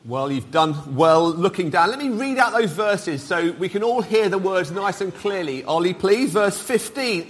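A middle-aged man preaching an all-age sermon, lively and interactive, drawing the congregation in. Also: sits high, moderate pace, hardly any pauses. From Wales. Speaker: pastor.

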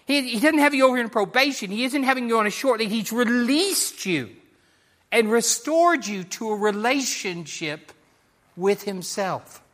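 A man preaching a sermon in a high, bright voice. He talks earnestly and with emphasis, leaning on repeated phrases as he addresses his congregation. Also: lively intonation, moderate pace. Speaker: pastor.

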